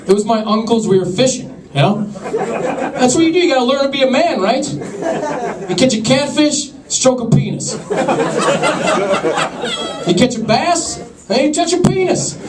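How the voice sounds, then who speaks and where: A young man doing a stand-up comedy set with an awkward, deadpan, self-deprecating delivery to a laughing crowd. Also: sits high, very noisy. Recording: echoey club from far off.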